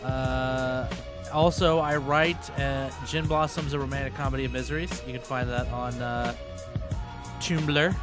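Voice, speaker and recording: A man co-hosting a podcast in casual chat, swearing casually in lively talk. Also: mid-range voice, measured pace, over music. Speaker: podcast co-host.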